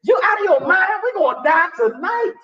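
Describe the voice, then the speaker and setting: A man voicing his own frantic, scolding inner conscience in a shrill, urgent manner. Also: very animated, a little fast. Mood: panicked. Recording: distant, echoey, dull recording.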